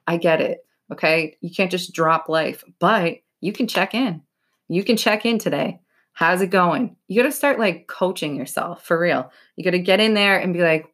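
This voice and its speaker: A woman's voice: on the low side, moderate pace, fairly bright tone. A young woman hosting a podcast, giving casual motivational talk in a blunt way, swearing freely and saying "like" a lot. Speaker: podcast host.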